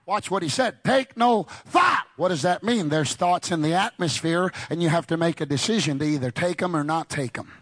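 A man preaching a sermon, calling out to the congregation and building to shouted, fervent climaxes. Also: fairly high pitch, fairly quick, hardly any pauses, dry recording. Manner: call-and-response with congregation; speaks in tongues in prayer.

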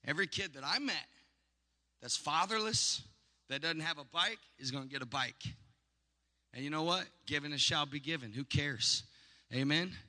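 A man preaching a sermon, telling stories and calling for response, building to shouts. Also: on the high side, moderate pace, pauses often, long reverb tail. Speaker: pastor.

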